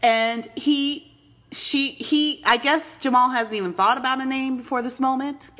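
A woman's voice: sits high, fairly even intonation, a little slow, a bit bright, a little hiss or hum. A woman co-hosting a casual movie recap, sarcastic, with laughing asides. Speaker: podcast co-host.

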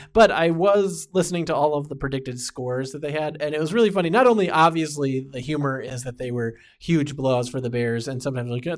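A man co-hosting a fantasy football podcast in casual chat, rambling and amused. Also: a little high.

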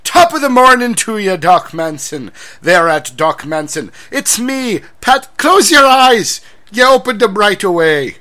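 A man putting on an exaggerated, cheery comic Irish character with a high sing-song brogue. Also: very animated, a little slow, sharp tone, heavily acted. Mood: jolly. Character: comic stereotyped Irishman named Patio Furniture, cheery.

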